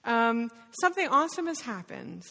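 A woman leading an interactive Bible lesson, quizzing the group with quick questions. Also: on the high side, sing-song, gravelly, a bit bright. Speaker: Bible study leader. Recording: reverberant hall.

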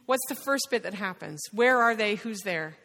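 A woman leading an interactive Bible lesson, quizzing the group with quick questions. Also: medium pitch, animated, a bit bright. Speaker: Bible study leader. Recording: reverberant hall.

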